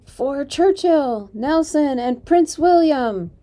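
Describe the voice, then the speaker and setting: A woman voicing an excited, bossy young girl who talks loudly and theatrically in a storybook reading. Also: fairly quick. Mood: shouting. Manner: loud, high and theatrical.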